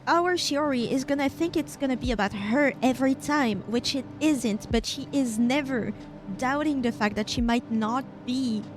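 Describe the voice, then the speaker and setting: Woman, streamer, high voice, casual game commentary, thinking aloud, game music behind. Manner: thinking aloud, musing over choices. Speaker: streamer playing a story game.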